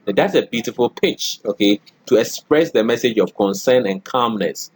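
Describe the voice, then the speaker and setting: A man's voice: medium pitch, lively intonation, moderate pace, husky. A middle-aged man lecturing a college class, often checking in with "okay" and "all right" and acting out spoken examples.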